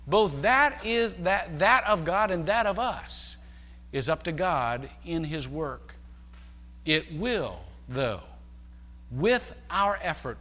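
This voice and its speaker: A male pastor preaching a sermon, telling stories and shifting between loud emphasis and hushed, quiet passages. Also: sits high, long reverb tail. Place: large church sanctuary.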